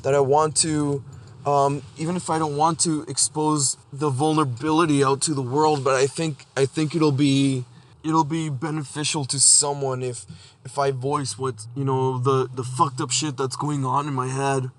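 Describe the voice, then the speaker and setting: A man's voice: mid-range voice, flat delivery, slight background noise. Blunt, profane man hosting a podcast. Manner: blunt and profane, halting with many restarts. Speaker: podcast host. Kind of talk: casual solo monologue.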